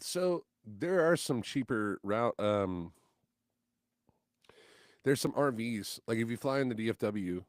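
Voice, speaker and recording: A man's voice: mid-range voice, takes it slowly, long pauses, no room sound, clean studio sound. A man, a guest musician on a podcast, telling stories in casual chat and acting out the people he quotes. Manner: animated, acts out quotes loudly.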